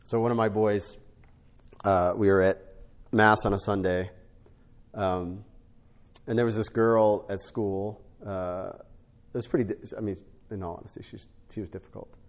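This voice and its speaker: A middle-aged man, a podcast guest, teaching on spiritual life through a family story, with an animated storytelling manner that often checks in with "right?". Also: on the low side, moderate pace, pauses often. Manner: animated storyteller, rises to emphatic peaks, frequent "right?" tags.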